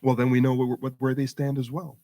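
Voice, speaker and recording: A man's voice: mid-range voice, flat delivery, brisk, dark tone. A middle-aged man giving an impassioned talk to a community audience at a mosque event, building his points through emphatic rhetorical repetition. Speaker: guest speaker at community program.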